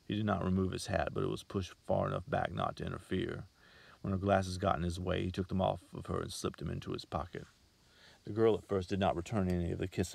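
A man reading a short story aloud as an audiobook, in a measured, steady manner. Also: low voice, vocal fry, no room sound. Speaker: narrator.

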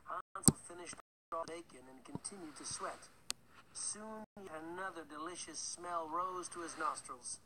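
A man narrating a dark fairy tale audiobook in a wry, conspiratorial manner, addressing the listener. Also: a little high, moderate pace. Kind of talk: scripted storybook narration. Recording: loud background noise with clicks.

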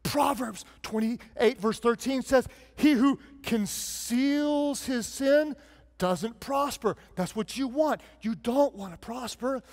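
A man preaching a sermon as pastor, emphatic and lively, shifting between mock sarcasm and earnest teaching. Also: very high voice, slow pace. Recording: long hall reverb.

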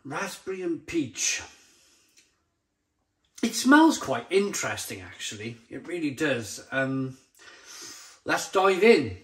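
A man's voice: a little high, very animated, takes it slowly, pauses often. A man reviewing a beer to camera in a blunt, exasperated way, often stumbling and repeating himself. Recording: roomy echoey sound.

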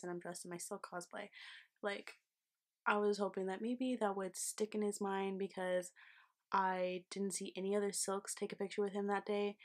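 Chatty young woman telling a vlog story. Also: mid-range voice. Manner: chatty, swears, full of fillers and laughs. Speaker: vlogger.

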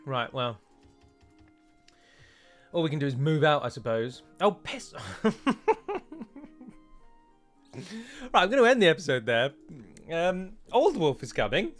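A British man narrates his strategy game with a lively, bouncing delivery, his bright voice sitting a little high. He grumbles and swears in exasperation at his troops, while soft music plays behind him. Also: normal speed, long pauses. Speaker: strategy game let's-player. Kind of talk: gameplay commentary.

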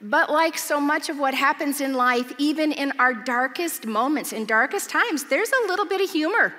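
A woman's voice: high-pitched, lively intonation, normal speed, sharp tone. A woman giving a sermon in a church, telling stories with humor and earnest conviction. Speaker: church speaker. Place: large church auditorium. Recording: long hall reverb from a church.

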